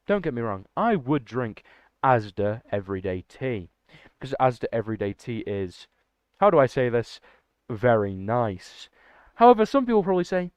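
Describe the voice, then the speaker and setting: A young man chatting excitably and rambling to his livestream chat. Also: medium pitch, clean tone, no room sound. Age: young adult. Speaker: streamer. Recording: dull lo-fi dry mic.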